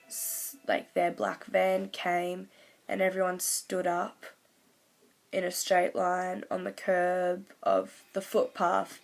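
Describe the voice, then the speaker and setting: A woman's voice: lowish voice, vocal fry, poor audio. A woman, telling a fan story in casual vlog chat, gushing along with lots of "like" fillers. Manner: gushing, fast-flowing recount full of "like" fillers. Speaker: vlogger.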